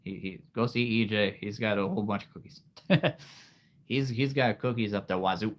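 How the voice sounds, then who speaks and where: A man's voice: fairly low pitch, normal speed. A man hosting a casual livestream, rambling to his viewers with many fillers and frequent laughs. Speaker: livestream host.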